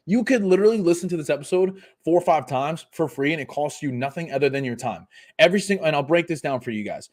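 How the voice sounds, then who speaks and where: A man's voice: a little high, expressive, fast talker. A man in his twenties, a fitness coach, ranting emphatically and profanely on a live podcast. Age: 20s.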